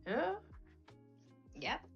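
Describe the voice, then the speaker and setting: A woman's voice: muffled recording, faint music behind. A woman in casual chat who reacts briefly and laughs readily. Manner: quick to laugh, short reactions. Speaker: co-host.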